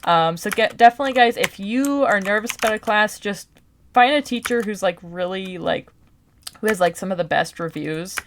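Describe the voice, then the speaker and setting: A young adult woman telling a story over gameplay, animated and rambling with many restarts while talking straight to her viewers. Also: medium pitch, normal speed, noisy background. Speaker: storytelling gamer vlogger.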